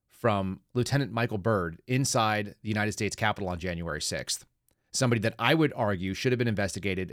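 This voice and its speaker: A man's voice: on the low side, no room sound, clean studio sound. A man hosting a podcast, telling a story in casual commentary and acting out both sides of a conversation. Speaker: podcast host.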